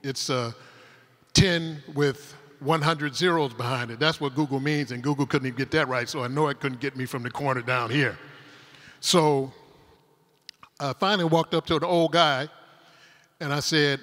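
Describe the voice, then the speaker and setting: A man's voice: medium pitch, steady tone, moderate pace, fairly bright tone. A man with a mid-range voice tells winding, humorous stories from a conference stage. His words ring out with a long reverb from the big hall around him. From Detroit, Michigan, USA. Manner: rambling, humorous anecdotes told with asides. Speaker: conference speaker. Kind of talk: storytelling talk on stage. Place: converted industrial hall used as a conference venue.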